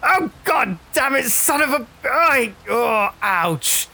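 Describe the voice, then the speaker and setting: A high, whiny voice complains and yelps in a tabletop game, as the game master puts it on. It sounds put upon and aggrieved. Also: expressive, moderate pace, a bit bright, slightly rough. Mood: pained. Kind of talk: voicing a character in a tabletop game.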